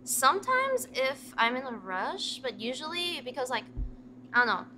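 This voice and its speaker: A woman's voice: high voice, wildly swooping pitch, normal speed, background noise. A woman guest on a stream in casual chat, hedging her answers, poking fun at herself and laughing easily.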